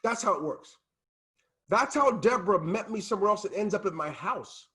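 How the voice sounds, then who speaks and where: A man coaching his team on a video call, talking in a passionate, emphatic way that sometimes turns loud. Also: high-pitched, expressive, moderate pace, slightly rough. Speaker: team leader and business coach.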